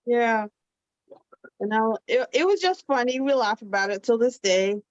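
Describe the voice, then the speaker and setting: Animated high-voiced woman telling a story. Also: normal speed, dry recording, lo-fi sound. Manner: animated, laughing, acts out quotes. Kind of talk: casual storytelling chat.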